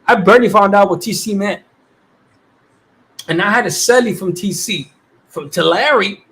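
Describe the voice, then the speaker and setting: A man's voice: high voice, moderate pace, fairly bright tone. A man hosting a livestream, reading viewers' comments in casual chat, with streetwise slang and easy laughter. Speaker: livestream host.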